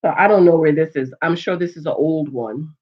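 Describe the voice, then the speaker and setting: A woman's voice: deep voice, a little fast. A woman chatting through a TV episode recap, talking straight to her viewers with exclamations and asides. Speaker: TV episode reviewer. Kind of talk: casual recap chat. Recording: dull lo-fi sound.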